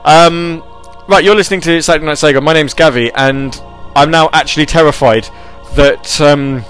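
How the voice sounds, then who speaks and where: A man hosting a casual live radio show, rambling and animated as he reads chat messages and tells stories. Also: on the high side, normal speed, soft background music.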